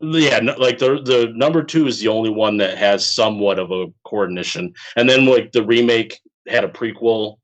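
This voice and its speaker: A man's voice: fairly low pitch, normal speed, hardly any pauses, poor audio. A man co-hosting a casual podcast, chatty and rambling with fillers, often laughing. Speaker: podcast co-host.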